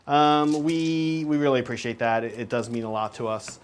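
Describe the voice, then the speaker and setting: A man's voice: mid-range voice, moderate pace, clear, resonant tone. A young adult man co-hosting a casual gaming stream. He talks in a rambling, hesitant, self-conscious way, full of restarts. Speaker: stream co-host and wargame player.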